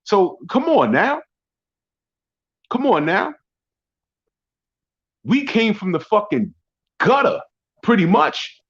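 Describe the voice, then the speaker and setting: A man hosting a barbershop talk show, ranting profanely and mocking his critics in a rambling, loud way. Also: high-pitched, very animated, takes it slowly, pauses often, husky. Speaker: podcast host. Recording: dull lo-fi audio.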